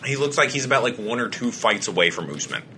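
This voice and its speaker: A man's voice: lowish voice, very animated, quick pace, pushed and bright, slight background noise. A young man co-hosting a casual podcast chat, joking, swearing and laughing often. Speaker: podcast co-host.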